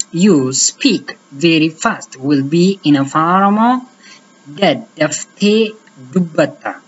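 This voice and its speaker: A woman's voice: deep voice, slightly rough, dull audio. A woman from Ethiopia, a native Afaan Oromo speaker, teaching a patient language lesson and repeating each phrase.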